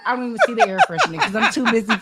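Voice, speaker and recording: A woman's voice: fairly high pitch, wildly swooping pitch, very fast, fairly bright tone, husky. A woman co-hosting a casual podcast chat with blunt, profane reactions. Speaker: co-host.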